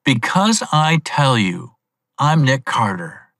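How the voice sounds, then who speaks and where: A man reading as a calm, stern male detective chief in a storybook, speaking in an icy, commanding way. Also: medium pitch, slow pace, no room sound, exaggerated voice.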